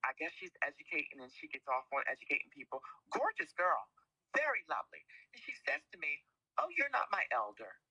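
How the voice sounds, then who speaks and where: A woman calling in, speaking emphatically and passionately with dramatic swings in pitch. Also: very animated, fast talker, sharp tone, slightly rough, dry recording, low-quality recording. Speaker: caller. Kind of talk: call-in conversation.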